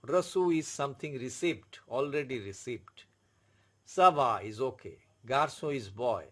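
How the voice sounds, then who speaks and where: A man with an Indian English accent teaching a French lesson, explaining slowly and repeating words and spelled-out letters. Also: medium pitch, lively intonation. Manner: slow, repetitive, spells out letters. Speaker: French tutor. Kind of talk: classroom explanation.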